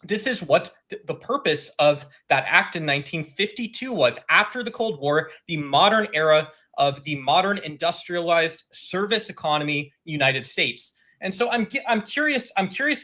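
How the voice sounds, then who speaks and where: A man calling in to a live stream debate, arguing in a halting, filler-heavy, accusatory way. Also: fairly high pitch, sharp tone. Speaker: caller asking a debater a question. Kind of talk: argumentative live stream call-in.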